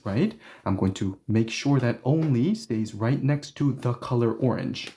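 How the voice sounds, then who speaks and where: A man's voice: mid-range voice, normal speed, hardly any pauses. A man teaching Korean grammar in a live stream, explaining step by step and checking in often with his viewers. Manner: lively explainer who checks in with listeners.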